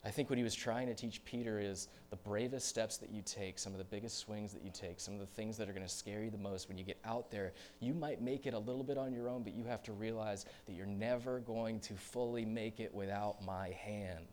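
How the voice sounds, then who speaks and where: Man, pastor, low voice, sermon, storytelling, hushed to loud swings, faint hum behind. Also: steady tone, a little fast, hardly any pauses.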